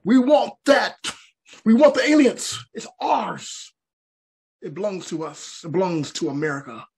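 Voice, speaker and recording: A man's voice: fast talker, a little mellow, husky. A man doing a whiny, teary American mob voice. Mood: whiny, greedy. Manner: high, whiny, near tears. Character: wheedling, slightly nasal mob of American voices.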